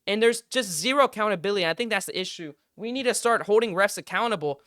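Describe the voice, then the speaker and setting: Heated young man ranting, bright crisp voice. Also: high voice, quick pace, no echo, studio quality. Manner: heated, frustrated ranting with swearing. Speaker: podcast host. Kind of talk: casual sports commentary rant.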